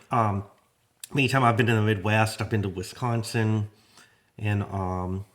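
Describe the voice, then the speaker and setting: A man's voice: fairly low pitch, steady tone, a little slow, fairly bright tone. A man from Shreveport with a northwest Louisiana Southern accent, hosting a casual, rambling monologue from his garage in a folksy, drawling way. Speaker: garage channel host. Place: home garage.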